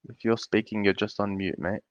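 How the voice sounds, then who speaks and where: An Australian man with a low voice hosts a casual live Q&A in a friendly, easygoing way. His voice is dry and close, and it comes through the dull, lo-fi audio of a video call. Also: fairly even intonation, a little fast, no echo. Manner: laid-back, chatty, friendly. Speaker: AMA host. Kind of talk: casual live-stream Q&A hosting.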